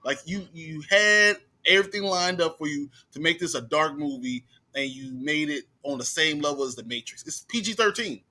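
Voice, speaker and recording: A man's voice: fairly high pitch, normal speed, few pauses, pushed and bright. A man chatting as a movie reviewer, blunt and making his case. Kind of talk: casual chat.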